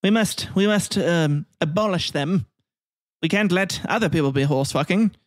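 A man voicing a snooty upper-class English elite gentleman in a deliberately bad mock accent, pompous and indignant. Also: high voice, dry recording, studio quality, pitched above the performer's own voice, close to an everyday voice. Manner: haughty mock outrage, pompous.

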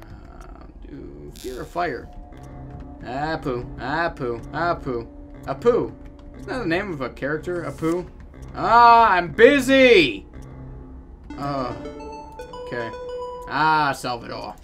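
A man giving casual gameplay commentary, animated with loud outbursts and self-mocking jokes. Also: fairly high pitch, slow pace, vocal fry, pauses often, over music. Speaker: gaming video host.

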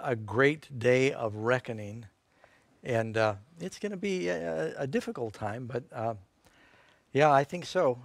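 A man, a pastor co-hosting a Bible question-and-answer show, answering in a relaxed, halting way with many fillers. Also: medium pitch, creaky, dry recording. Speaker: pastor and co-host. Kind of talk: unscripted Bible Q&A.

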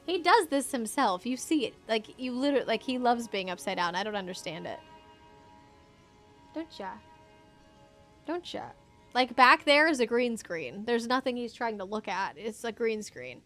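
Lively high-voiced woman streamer, chatty. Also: brisk, few pauses, faint music behind. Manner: chatty, talks to chat between game moments; coos in baby talk to her pet. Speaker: video game streamer. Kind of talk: casual live-stream chat. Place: home streaming room with a green screen. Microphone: desk microphone with a foam cover.

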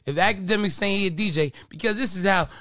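Brash male host, high-pitched, rapid and bright, ribbing his guest nonstop. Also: dry recording, studio quality. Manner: brash, teasing, swearing freely. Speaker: show host. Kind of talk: boisterous podcast banter.

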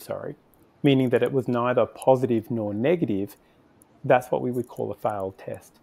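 Male podcast guest, mellow warm tone, unscripted, plenty of restarts and fillers. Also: mid-range voice, creaky. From Australia. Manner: thinks aloud with frequent restarts and fillers. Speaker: podcast guest, conversion optimization agency founder. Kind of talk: conversational interview answers.

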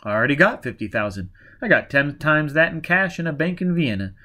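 A man reading an audiobook, voicing a nervous retired crook who talks in a gruff, blustering way. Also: a little high, big pitch swings, brisk, sharp tone, pitched above the performer's own voice.

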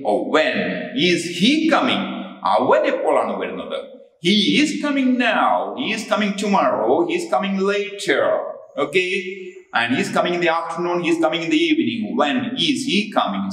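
A man's voice: on the high side, a bit bright, distant mic. A man with a Malayali accent teaching a spoken English lesson, repeating example sentences and slipping into Malayalam. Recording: echoey room, voice a bit off-mic.

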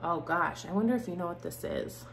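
A woman teaching preschoolers in a video lesson, slow and sing-song, climbing high on rhymes and praise. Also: sing-song, gravelly, a bit bright. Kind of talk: video lesson for young children. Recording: echoey room, faint hum.

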